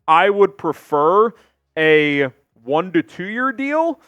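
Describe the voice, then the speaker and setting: A man hosting an opinionated sports talk show, talking emphatically with big swings in pitch and volume. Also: sing-song, very slow, a bit bright, smooth, dry recording, lo-fi sound.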